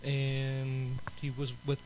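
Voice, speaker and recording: A man's voice: medium pitch, monotone, slow pace, a little mellow, slight background noise, poor audio. A man co-hosting a casual movie podcast, explaining in a rambling way. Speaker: podcast co-host. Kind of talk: casual chat.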